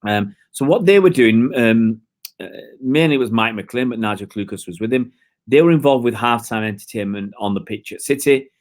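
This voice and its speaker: A man hosting a live stream, chatting in a rambling, hesitant way with lots of fillers and talking to his viewers. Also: on the low side. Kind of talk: casual live-stream commentary.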